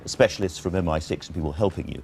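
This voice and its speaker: A man's voice: sits low, fast, vocal fry, a little mellow, a little hiss or hum. A man hosting a television talk show, interviewing a guest in a conversational, probing way.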